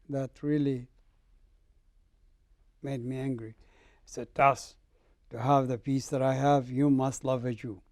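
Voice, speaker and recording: A man's voice: mid-range voice, dry recording. A middle-aged man from the Middle East, a guest telling his conversion story in an interview and acting out the dialogue. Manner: animated storyteller, acts out dialogue. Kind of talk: personal testimony in an interview.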